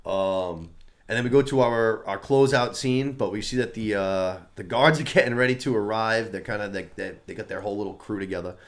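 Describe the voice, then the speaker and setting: A man's voice: on the low side, brisk. A man co-hosting a podcast, chatting casually about a series, swearing and acting out characters' lines. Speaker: podcast co-host. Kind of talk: casual review chat.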